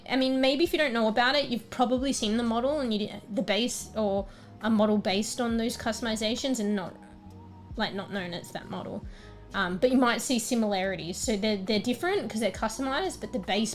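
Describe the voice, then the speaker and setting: A young woman with an Australian accent, chatting casually with her stream viewers. She rambles, fills her talk with fillers, and her voice is slightly worn. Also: fairly high pitch. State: slightly losing her voice, clearing her throat. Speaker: livestreamer. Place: small room at home.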